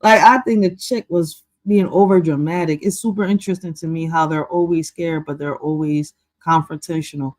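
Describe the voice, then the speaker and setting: A woman's voice: sits low, moderate pace, few pauses, no echo, low-quality recording. A woman hosting a reaction video, commenting in a casual, profane, slangy way and often saying "yo". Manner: profane, slangy, animated, frequent "yo".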